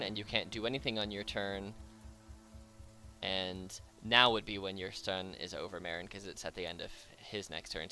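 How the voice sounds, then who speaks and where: Game master man with a bright voice. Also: fairly low pitch. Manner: casual, with fillers and laughs. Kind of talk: narrating a tabletop game.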